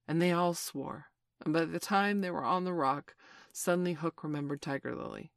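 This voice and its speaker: Low-voiced woman reading a storybook. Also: normal speed, no echo, studio quality. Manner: expressive, animated reading. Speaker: narrator.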